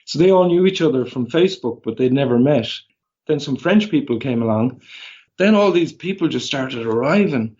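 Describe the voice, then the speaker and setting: An Irish man, a podcast guest, telling animated stories casually and acting out the dialogue. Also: mid-range voice, slightly rough. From Ireland. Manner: animated, quick anecdotes with quoted dialogue. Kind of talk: casual storytelling. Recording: slightly dull lo-fi audio.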